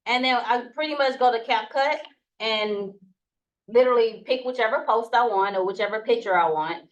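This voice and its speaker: A woman's voice: a little high, moderate pace, highs cut off. A woman with a Southern US accent giving a casual how-to talk to a group, with many fillers. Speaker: presenter.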